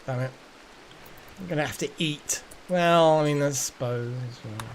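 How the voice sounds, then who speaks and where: A man's voice: on the high side, a little slow, a little hiss or hum. A man streaming a game, rambling casually to his chat. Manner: rambling, chatty, talks to chat. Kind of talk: casual gameplay commentary.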